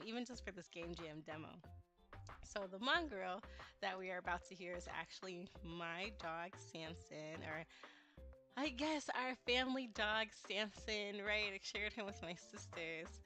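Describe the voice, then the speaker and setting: A woman game developer casually walking through her first game, talking in a chatty way full of "like" and "um". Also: on the low side. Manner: chatty, heavy use of "like" and "um". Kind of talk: casual walkthrough talk.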